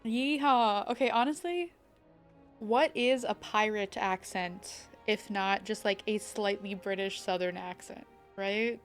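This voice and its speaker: A woman's voice: mid-range voice, steady tone, measured pace, few pauses, faint music behind. A young woman chatting casually while streaming a game, thinking aloud and greeting viewers. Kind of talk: casual live-stream chat.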